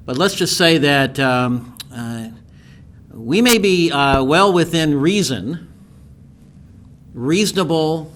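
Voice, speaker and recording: A man's voice: medium pitch, fairly bright tone. A man on a city council speaking hesitantly with frequent ums while deliberating. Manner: hesitant, many ums and uhs. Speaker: council member.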